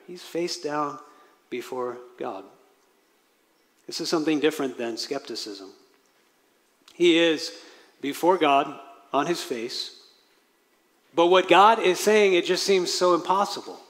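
A man's voice: medium pitch, a little slow, long pauses. Earnest preacher man in a reverberant hall. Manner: earnest, acts out quoted prayers with rising intensity. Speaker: pastor. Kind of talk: sermon.

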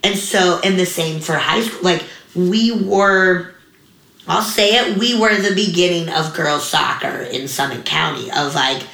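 A young woman chats through a memory on an interview show. Her voice sits a little low but sounds bright and forward. She pops into quick animated voices for the people she quotes, and the room leaves a roomy echo. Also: creaky. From US mountain region. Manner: chatty, many likes, animated quoted voices. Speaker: guest comedian. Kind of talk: casual interview storytelling.

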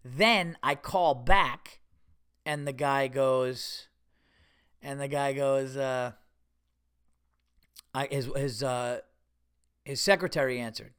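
Smooth-voiced man rambling on a podcast. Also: mid-range voice, slow, long pauses, fairly bright tone. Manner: rambling, profane, with many fillers and restarts. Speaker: podcast host. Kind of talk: casual solo podcast talk.

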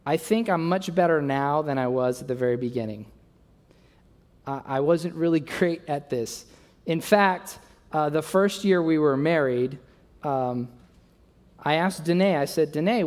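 A young adult man preaching a sermon, telling a self-mocking story and acting out the dialogue with lively energy. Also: on the high side, a little slow, pauses often. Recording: long reverb of a large hall.

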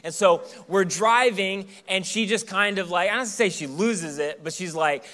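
A man's voice: sits high, moderate pace, bright, forceful tone. A man in his thirties, a pastor preaching a sermon in church in a casual, joking storytelling way.

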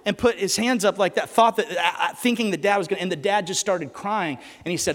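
A man preaching a sermon in church, animated and joking as he tells stories and asks the crowd questions. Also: sits high, brisk, few pauses, long reverb tail.

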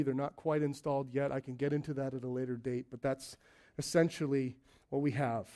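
Male preacher with a high voice, chatty and joking, leading a small church. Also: dark tone. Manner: conversational, joking asides, acts out quoted voices. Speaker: lead elder of a church plant. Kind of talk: sermon.

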